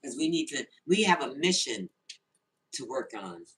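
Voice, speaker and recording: A woman's voice: rumbling low, very animated, moderate pace, a bit bright, husky. A woman hosting a casual livestream, greeting viewers by name and answering the chat on her phone. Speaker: livestream host.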